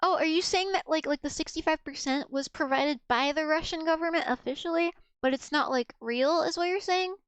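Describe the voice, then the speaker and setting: A woman's voice: high-pitched, a little fast, few pauses, fairly bright tone, no room sound. A young woman from the United States chatting casually on a livestream, rambling with restarts and giggles. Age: young adult. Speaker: streamer.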